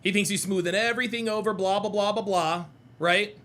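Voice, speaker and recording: A man's voice: high-pitched, steady tone, brisk, pushed and bright. A man giving casual, profane reaction commentary while playing clips, mocking what he hears. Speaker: reaction streamer.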